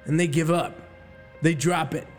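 Male motivational speaker, high-pitched and emphatic, swears hard, reverberant space with faint music under. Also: fairly even intonation, a little slow. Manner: profane, intense and emphatic. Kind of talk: motivational rant.

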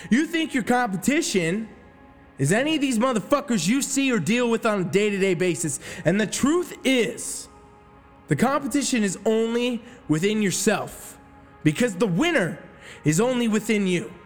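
Male motivational speaker, high-pitched and emphatic, swears hard, reverberant space with faint music under. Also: animated, normal speed. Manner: profane, intense and emphatic. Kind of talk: motivational rant.

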